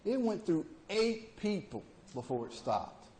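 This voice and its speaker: A middle-aged pastor delivers a homespun sermon. His man's voice sits a little high, and his talk stays plain and folksy. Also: sing-song, measured pace, a little mellow. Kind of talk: sermon with storytelling.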